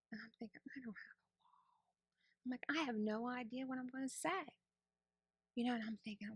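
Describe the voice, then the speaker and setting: In a creaky, fairly bright mid-range voice, a woman recounts her testimony before her church. Her delivery is open and conversational as she dramatizes what she used to think, and the recording is dry.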